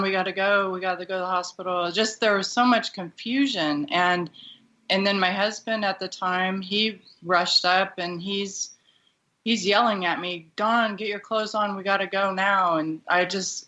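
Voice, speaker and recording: A woman's voice: fairly low pitch, bright, forceful tone, highs cut off. Emotional woman recounting a hard memory. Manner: halting, emotional retelling with many restarts. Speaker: guest. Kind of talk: personal storytelling.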